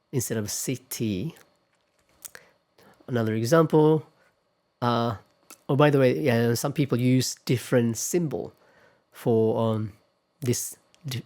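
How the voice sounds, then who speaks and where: A man giving a pronunciation lecture, speaking deliberately and repeating example words several times to demonstrate them. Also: mid-range voice, a little mellow.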